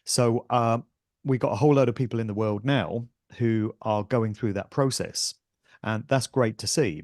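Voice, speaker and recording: A man's voice: on the low side, a little mellow, dry recording, studio quality. A man guesting on a podcast interview, talking in an earnest, emphatic way as an author and speaker.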